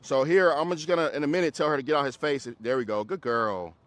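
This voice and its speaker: A man who trains dogs, coaching a group class in a casual, hands-on way, giving quick commands to dogs and explanations to owners. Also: a little high, a bit bright, no room sound. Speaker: dog trainer.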